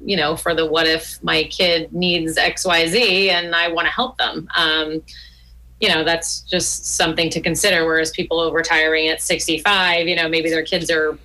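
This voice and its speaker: Chatty woman podcast host, bright voice, lots of "you know"s. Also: sits low, flat delivery, moderate pace, rough recording. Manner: chatty, many fillers. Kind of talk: casual chat.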